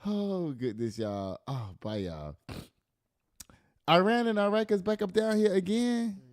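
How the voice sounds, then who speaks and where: A man's voice: sits high, a little slow, dry recording, clean studio sound. A man hosting a casual news commentary podcast, reading headlines aloud and riffing on them with laughs and swearing. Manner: animated, laughing, swearing, reads news aloud then riffs. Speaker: podcast host.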